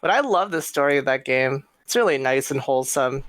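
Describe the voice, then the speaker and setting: A man's voice: medium pitch, lively intonation, brisk, fairly bright tone, no echo. A man co-hosting a podcast, chatting casually and enthusiastically about games. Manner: enthusiastic, talks through game details. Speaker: podcast co-host. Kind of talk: casual chat.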